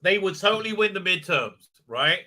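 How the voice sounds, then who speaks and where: Bright, rambling man hosting a livestream. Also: high voice, expressive, normal speed. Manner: rambling, stammering, mocking voices, crude jokes. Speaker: livestream host. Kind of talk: casual live-stream rant.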